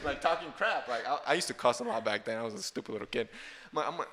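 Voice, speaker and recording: Young guy on a podcast, bright voice, lively storyteller, laughs a lot. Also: medium pitch, very fast, few pauses. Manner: animated storyteller, laughs often. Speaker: podcast co-host. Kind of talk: casual podcast chat.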